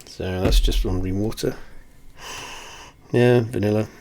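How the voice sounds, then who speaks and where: A man with a somewhat low voice chats in a loose, rambling way, poking fun at himself and dropping the odd swear word. He sits very close to the camera in a small home setup. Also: steady tone, normal speed, warm tone. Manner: rambling, self-deprecating, swears offhandedly. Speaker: whiskey reviewer. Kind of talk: casual rambling chat. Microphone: camera very close to face.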